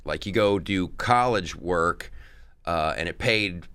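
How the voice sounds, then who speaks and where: A male comedian telling stories in a casual interview, animated and acting out impressions. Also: low-pitched, slow, clean tone, dry recording. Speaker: comedian guest.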